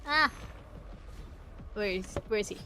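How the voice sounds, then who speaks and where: A woman streamer giving live commentary while playing a game, reacting out loud and reading the story text aloud. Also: mid-range voice, expressive, a little slow. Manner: reactive, exclaims and groans at the game. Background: faint game music.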